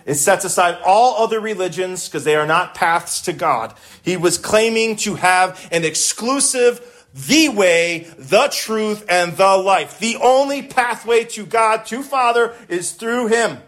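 A man's voice: high voice, lively intonation, a little slow, a bit bright. A man preaching a sermon, emphatic and impassioned, repeating words for stress and swelling when he quotes scripture. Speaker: pastor.

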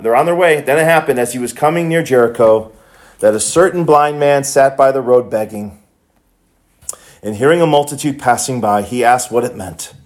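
Reading scripture aloud, a male preacher moves from soft, low-voiced passages up to high, shouted cries over the course of his sermon.

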